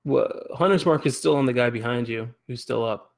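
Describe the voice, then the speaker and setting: A man running a tabletop roleplaying session, his mid-pitched voice carrying a gravelly fry. He narrates and rules in a relaxed, chuckling way. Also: fairly quick. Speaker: game master.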